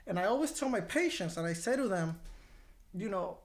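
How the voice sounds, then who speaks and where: A man's voice: high-pitched, moderate pace. A man who runs a mental health clinic, talking casually on a podcast and acting out both sides of his conversations, blunt and given to swearing. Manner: animated, acts out both sides of dialogues.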